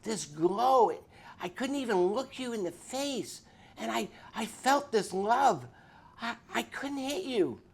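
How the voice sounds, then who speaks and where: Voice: medium pitch, expressive, gravelly, husky, voice pushed up, exaggerated voice. Narrator putting on tough biker guy, shaken up, stammering, voice jumps all over the place. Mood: agitated. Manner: emotional, halting confession. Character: tough violent male biker, distressed.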